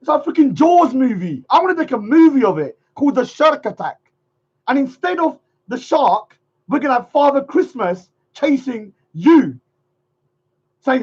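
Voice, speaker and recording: Very animated and moderately paced, the livestream host has a very high, husky, slightly mellow voice. His casual rant is mocking and sarcastic, full of sing-song repetition, heard through dull lo-fi stream audio.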